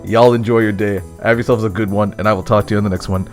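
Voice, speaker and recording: A young man narrates an animated story time in a slangy, lively way. His voice jumps from loud excited bursts to low hushed asides. Faint music plays underneath. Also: fast.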